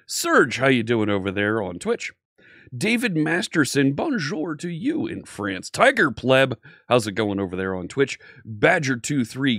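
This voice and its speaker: A man's voice: mid-range voice, a bit bright, no echo, clean studio sound. An upbeat man hosting a live coding stream, chatting casually and greeting viewers by name.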